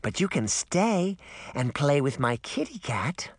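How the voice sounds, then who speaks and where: A man's voice: on the high side, big pitch swings, measured pace, no room sound, exaggerated voice. A man voicing a demented little girl who shrieks and talks in a sing-song way, in an audiobook. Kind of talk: audiobook character voice.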